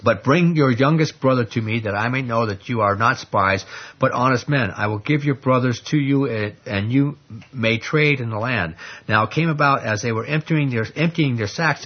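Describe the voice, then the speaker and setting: A man's voice: medium pitch, moderate pace, breathy edge, highs cut off. A man teaching a Bible study, reading scripture aloud and explaining it in a conversational way, often asking the class questions. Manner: conversational, asks the class questions, many fillers.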